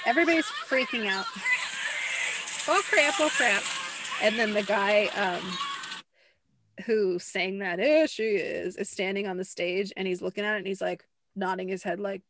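A woman's voice: medium pitch, fairly even intonation, moderate pace, noisy background. A young adult woman hosting a podcast, talking casually and acting out quotes with lots of fillers. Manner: chatty, fills with "like", acts out quotes. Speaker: podcast host. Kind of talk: casual chat.

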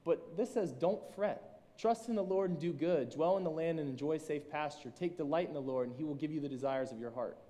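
A man, a school reading teacher, giving a sermon to a room and reading scripture slowly and deliberately. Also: a little high, mellow. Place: room with an audience. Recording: long reverb from a large room.

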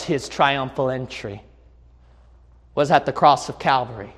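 A man preaching a sermon as pastor, building from quiet reflection into shouted crescendos. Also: mid-range voice, measured pace, pauses often, in a large hall.

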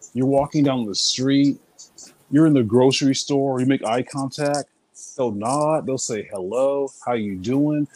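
Husky-voiced man telling stories. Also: medium pitch, darkish tone, low-quality recording. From California. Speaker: interview guest. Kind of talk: casual conversation.

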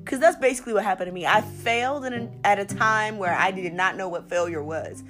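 A woman's voice: medium pitch, fairly quick, few pauses, fairly bright tone. A young woman in her twenties hosting a podcast, talking candidly and emphatically in slangy casual speech, repeating points for weight. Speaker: podcast host. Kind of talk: casual monologue. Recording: music playing underneath.

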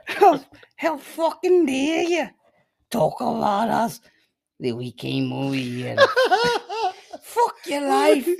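A man voicing a furious old immigrant who rants in a shrill, drawn-out, profane screech. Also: huge pitch swings, vocal fry, full character voice. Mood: furious ranting. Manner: shrieking, drawn-out, profane ranting. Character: screaming angry old immigrant man, very high-pitched.

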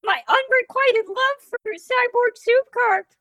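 A woman's voice: very high voice, takes it slowly, pushed and bright. A woman co-hosting a comedy podcast, doing hammy improvised role-play. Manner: playful, hammy, shifting voices. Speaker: podcast co-host.

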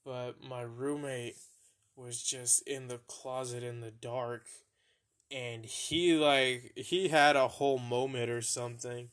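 Hosting his podcast, this young guy speaks slowly and steadily in a medium, somewhat bright voice. He tells embarrassing tales from his own life in a relaxed way, cursing often and cracking up at himself.

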